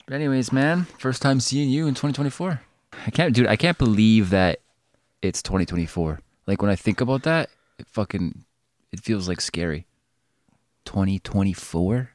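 A man's voice: lowish voice, moderate pace, darkish tone, no room sound. A young man co-hosting a podcast, chatting casually, joking and swearing with easy laughs. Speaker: podcast co-host. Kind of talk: casual chat.

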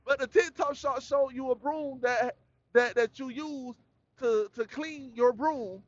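A man hosting his own podcast in a loose, rambling rant full of slang. His voice sits high for a man. The recording is dull and lo-fi. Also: unhurried, no echo. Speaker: podcast host.

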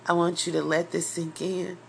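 A woman's voice: on the low side, flat delivery, normal speed, vocal fry, a little hiss or hum. A woman preaching an informal sermon, emotional and near tears, rising into impassioned, emphatic outbursts.

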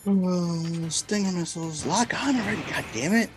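A man hosting a gameplay livestream, excitable and swearing loudly at the game. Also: high-pitched, moderate pace. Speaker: livestream host playing a game. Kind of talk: casual gameplay livestream chat. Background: game music.

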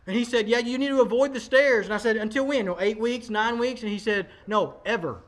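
Emphatic high-voiced preacher in his forties. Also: fast. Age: 40s. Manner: conversational, emphatic preaching with audience asides. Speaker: pastor. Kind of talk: sermon.

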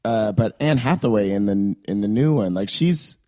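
A man's voice: lowish voice, lively intonation, normal speed, a little mellow. A man co-hosting a casual podcast, asking earnest questions. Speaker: podcast co-host. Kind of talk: casual chat.

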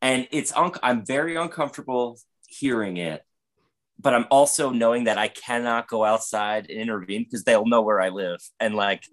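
A man with a medium-pitched voice tells a rambling, profane, comedic story at normal speed in casual podcast chat. He uses frequent fillers and could be the guest or the host.

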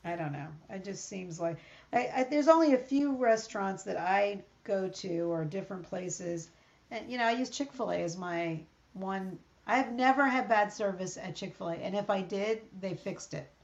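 A woman's voice: mid-range voice, normal speed, vocal fry. A middle-aged woman co-hosting a podcast, telling everyday stories in casual chat and acting out what people said. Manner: chatty storyteller, acts out quoted exchanges. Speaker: podcast co-host. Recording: slightly dull lo-fi sound.

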